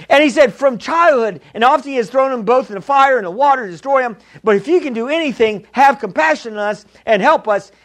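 A man with a strikingly high voice preaches in church. He is emphatic, repeats his key lines and calls out to the congregation. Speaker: pastor. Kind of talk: sermon.

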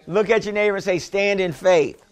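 A male pastor preaches a sermon, calling on the congregation for amens and repeating phrases for emphasis in a call-and-response style. His voice sits high and sounds clear and resonant, and he moves fairly quickly.

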